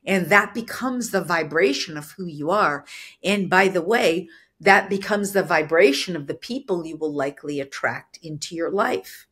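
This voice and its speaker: A woman teaching in a solo podcast, earnest and explanatory, with a husky voice that is soft yet firm, now and then acting out short quoted lines. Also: lowish voice, moderate pace. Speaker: spiritual business coach.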